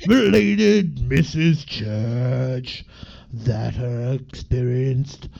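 A man putting on the voice of a gravel-voiced, growling male singer, reading a book aloud very slowly. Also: medium pitch, a little mellow, full character voice. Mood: slow gravelly. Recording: dull lo-fi sound.

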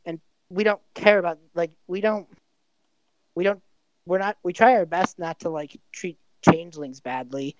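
A woman's voice: on the low side, moderate pace, lo-fi sound, noisy background, close to an everyday voice. A woman playing a weary sardonic man. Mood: dry. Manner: dry, exasperated asides.

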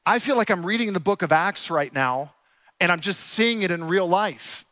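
A young adult man preaching a sermon, telling stories with lively quoted asides. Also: high-pitched, moderate pace, no echo. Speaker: pastor. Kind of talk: sermon with storytelling.

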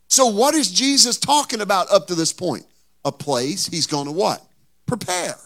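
A male pastor preaching a sermon in a conversational tone, firing rhetorical questions at the congregation and building to loud, emphatic peaks. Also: high-pitched, wildly swooping pitch, a little slow, long pauses.

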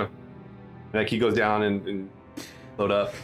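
A man's voice: on the low side, steady tone, moderate pace, faint music behind. A man running a tabletop game as game master, talking loosely with many fillers and restarts. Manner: rambling, full of fillers and restarts.

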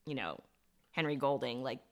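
A woman with a notably low voice joins a relaxed podcast discussion. She speaks thoughtfully and hedges her points, pausing on small fillers as she works out what she means. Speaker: podcast co-host. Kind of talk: casual discussion.

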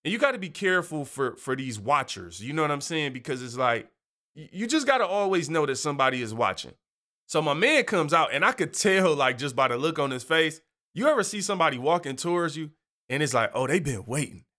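Brief: male host, fairly high, bright and forceful voice, chatty slangy storyteller who laughs easily. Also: a little fast. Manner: animated, chatty, laughs often, uses slang. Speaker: podcast host. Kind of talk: casual storytelling.

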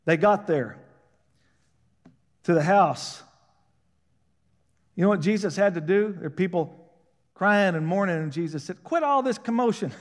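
A man with a high voice preaches a sermon in a casual, folksy manner. He keeps asking his listeners questions and pushing for a response, and his emphasis climbs as he goes. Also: measured pace, pauses often. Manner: call-and-response, rising to shouted emphasis; conversational, folksy preaching with laughs.

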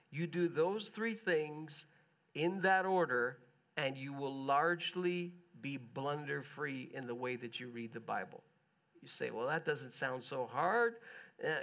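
A man preaching a sermon in a relaxed, conversational way, asking his listeners questions as he goes. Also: a little high. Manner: conversational, chatty with the congregation, asks them questions. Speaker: pastor.

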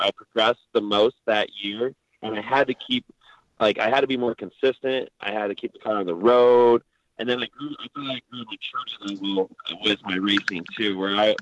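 A low-pitched man recounts his racing seasons in loose, self-deprecating anecdotes. His voice comes through a dull, lo-fi line with no room sound around it. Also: fairly bright tone, no echo. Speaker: rally driver. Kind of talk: casual interview storytelling.

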